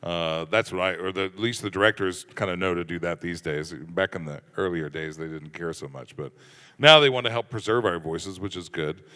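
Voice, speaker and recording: A man's voice: low-pitched, fairly quick, pushed and bright. A man speaking as a panelist at a convention, talking loosely and casually with lots of fillers. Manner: loose, joking, lots of fillers like "you know" and "uh". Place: large convention hall. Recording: echoey convention hall.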